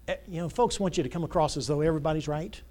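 A man preaching in a church with a voice pitched a little above the usual. He asks the congregation to fill in his words and swells to loud, emphatic preaching. His delivery is earnest and insistent. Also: very fast. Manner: call-and-response questions, rising to loud emphatic preaching. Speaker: pastor. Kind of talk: sermon. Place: church sanctuary. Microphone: church sound system mic.

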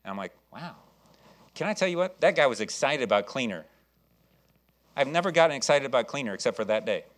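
A man's voice: mid-range voice, expressive, fast talker. A man preaching a sermon, telling stories with lots of fillers and repeated words, then rising in enthusiasm as he urges his listeners on. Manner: storytelling, acts out voices, jokes with the congregation; enthusiastic preaching, rising loud when exhorting. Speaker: pastor.

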